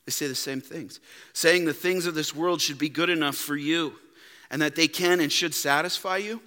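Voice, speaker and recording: A man preaching a sermon as pastor, emphatic, dropping to quiet rhetorical questions. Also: a little high, moderate pace. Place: church. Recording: long reverb in a church hall.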